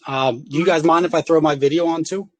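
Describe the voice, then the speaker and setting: A man's voice: on the high side, steady tone, fairly quick, no echo. A man appearing as a guest artist on a casual livestream. He talks in a joking, playful way.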